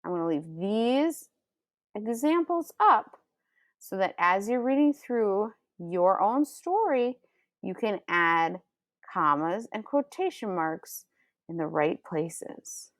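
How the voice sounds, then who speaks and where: A woman teaching a writing lesson to her students from home, calling them scholars and friends. She speaks slowly, with a lively, rising and falling voice. The sound is dry and close. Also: mid-range voice, no echo. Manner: patient, explains step by step, calls students scholars and friends; reads example sentences aloud with pronounced pauses. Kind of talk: recorded remote writing lesson.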